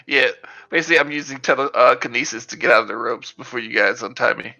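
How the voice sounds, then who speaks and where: A man's voice: medium pitch, fast, gravelly, pushed and bright, muffled recording, faint music behind. A man playing a tabletop game, chatting casually, rambling and laughing as he jokes with the group. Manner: rambling, joking, laughs often. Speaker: player.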